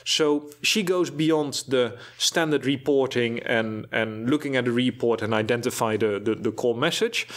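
A man at a mid pitch explains training material in a webinar. He speaks thoughtfully, with many fillers and restarts as he works through his points. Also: unhurried, hardly any pauses, fairly bright tone. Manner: thoughtful, with frequent fillers and repeated words. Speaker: HR educator presenting a webinar.

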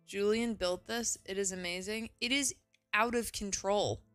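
A young woman streaming a game, chatting casually and gushing with excitement, often exclaiming and swearing. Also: medium pitch, measured pace, clean tone, dry recording, faint music behind. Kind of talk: casual live gaming commentary.

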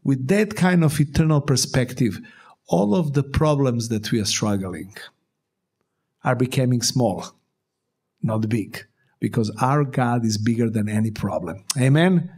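Man, preacher, sermon, earnest exhortation, mid pitch. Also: measured pace, darkish tone, husky. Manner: earnest exhortation with short repeated commands. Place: church service.

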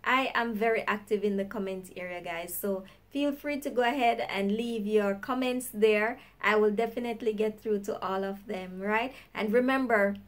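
A woman's voice: mid-range voice, fairly bright tone. A Jamaican woman hosting a casual teaching vlog, chatty and laughing often. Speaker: YouTube host teaching slang.

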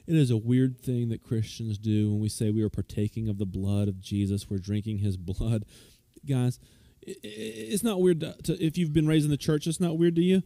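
Mellow-voiced pastor preaching a casual sermon. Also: male voice, medium pitch, normal speed, vocal fry, few pauses, dry recording. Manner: informal, with frequent restarts and fillers; grows lively and loud when retelling a story. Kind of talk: conversational sermon. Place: church service.

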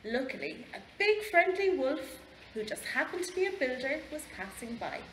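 A woman with an Irish accent reading a picture book aloud to children in a library, slow and expressive. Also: sits high. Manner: slow, expressive, lively storytelling. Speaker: library storyteller. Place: library room. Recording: echoey library room, faint background noise.

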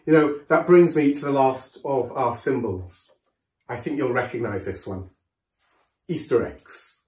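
A man leading a children's collective worship, telling a story gently and expressively for young listeners. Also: medium pitch, measured pace, reverberant. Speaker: school worship leader.

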